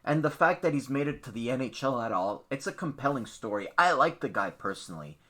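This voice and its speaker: A man's voice: mid-range voice, animated, brisk, fairly bright tone. A man hosting a sports podcast, talking bluntly and opinionatedly in a ranting, casual way. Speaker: podcast host.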